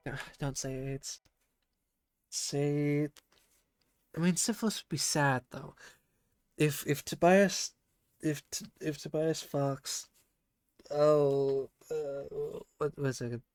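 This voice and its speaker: A man with a croaky voice from being sick, rambling through a profane casual monologue full of restarts, as a podcast host. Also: a little high, fairly even intonation, takes it slowly, long pauses, a little mellow, dry recording, studio quality. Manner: rambling, profane, self-interrupting.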